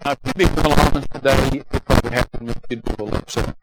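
An older man preaching a sermon as pastor, swinging from loud emphatic peaks down to quiet, low passages and repeating rhetorical questions to the congregation. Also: steady tone, very fast, very noisy. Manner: repeats "Can I tell you" and asks for amens.

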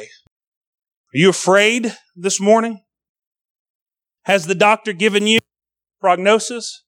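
A man's voice: high voice, pushed and bright, no echo, clean studio sound. A young man preaching a sermon to a congregation, earnest and pleading, repeating his phrases as he calls people to the altar.

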